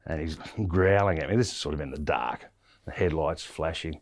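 An Australian interview guest with a deep, slightly mellow voice tells a long story at normal speed. Casual and rambling, he uses plenty of ums and restarts. The sound is studio quality with no echo.

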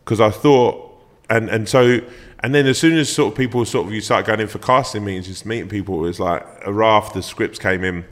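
A comedian and actor chatting as a podcast guest, telling stories animatedly and swearing freely. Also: male voice, lowish voice, a little fast. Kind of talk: casual podcast chat.

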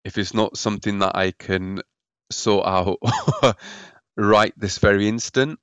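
A man's voice: fairly low pitch, slow pace, a bit bright, clean tone, no room sound. A man telling his own story as a podcast guest, hesitant and often repeating words. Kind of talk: personal story in a podcast interview.

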